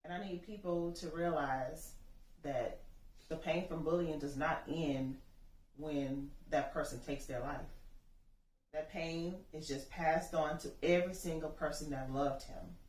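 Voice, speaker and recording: Low-voiced woman telling her story earnestly. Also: steady tone, a little slow, darkish tone. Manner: earnest, impassioned storytelling that acts out dialogue. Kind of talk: personal testimony interview. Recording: echoey room, distant mic, faint noise.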